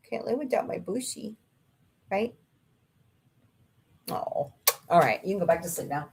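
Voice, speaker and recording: Chatty woman rambling to her live chat. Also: medium pitch. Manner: chatty, rambling storyteller, swears casually. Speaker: livestream host.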